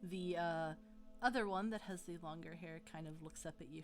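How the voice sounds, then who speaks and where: A woman narrating a tabletop game as game master, unhurried, with frequent ums. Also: fairly low pitch, faint music behind.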